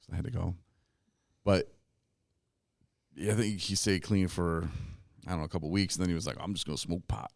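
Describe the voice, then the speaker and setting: A man with a very low voice hosts a casual podcast chat, telling animated stories and laughing along the way. The sound is dry and close, with no room around him. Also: fairly quick, gravelly, long pauses, dry recording. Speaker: podcast host. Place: recovery retreat.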